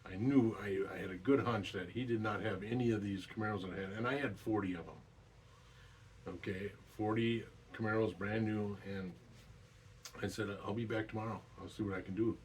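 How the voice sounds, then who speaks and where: Middle-aged guy with a lowish voice rambling on about a story, mic kinda far off. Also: steady tone. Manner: rambling, drawn-out telling. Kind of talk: casual spoken storytelling. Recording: distant mic with faint background noise.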